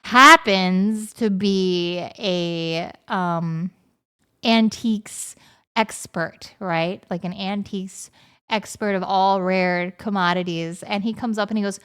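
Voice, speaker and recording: Smooth-voiced woman streamer telling stories. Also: medium pitch, takes it slowly. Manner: animated, laughing storytelling full of fillers. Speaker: livestream host. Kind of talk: casual chat.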